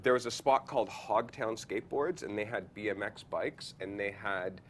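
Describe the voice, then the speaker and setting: A man in his forties, a photographer, telling stories as a podcast guest, acting out quotes with big jumps in pitch and frequent laughs. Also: steady tone, moderate pace, fairly bright tone, a little hiss or hum. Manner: acts out quoted voices, jumps high in pitch, laughs often, many filler likes. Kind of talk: animated storytelling in a podcast interview. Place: podcast studio.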